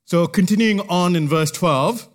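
A male preacher with a notably high voice delivers a sermon. He teaches at a measured pace, stressing key words with pauses. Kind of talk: expository sermon.

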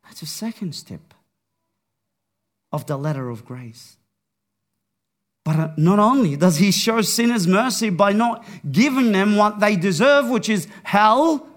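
A man preaching a sermon, with a slow, dramatic delivery that swings from hushed to raised. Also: high voice.

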